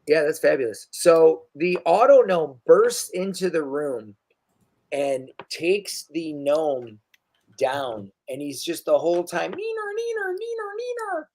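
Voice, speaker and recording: A woman narrating as game master, her voice sitting a little low for a woman. She talks in a quick, casual way, often stopping herself with "uh" and correcting course mid-sentence. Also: darkish tone.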